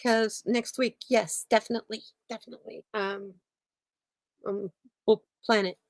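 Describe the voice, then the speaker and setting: A woman's voice: mid-range voice, little pitch movement, measured pace, no room sound. A woman hosting a casual chat stream from her home, rambling and laughing often. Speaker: channel host. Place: home room with a heater.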